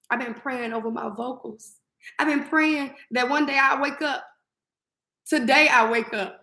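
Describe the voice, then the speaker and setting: Exuberant high bright woman host. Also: moderate pace, vocal fry, reverberant. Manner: exuberant, preachy, sings and affirms. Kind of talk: faith-filled morning live-stream chat.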